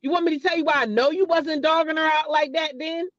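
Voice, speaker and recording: A woman's voice: sits high, steady tone, fast talker, dry recording, muffled recording. A woman hosting a casual gossip commentary, emphatic and profane, repeating her points and talking straight to her viewers. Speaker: host.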